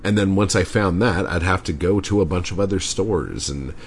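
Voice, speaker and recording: A man's voice: low-pitched, moderate pace, slight background noise. A man hosting a podcast, ranting casually and rambling with lots of swearing and filler words. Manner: profane, rambling, frequent "like" fillers. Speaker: podcast host. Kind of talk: casual solo podcast rant.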